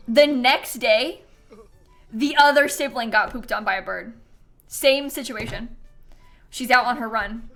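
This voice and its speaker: With soft music behind her, a woman with a slightly high, fairly bright voice speaks at a measured pace, pausing often. She livestreams a game, chatting casually, sharing stories, and laughing a lot.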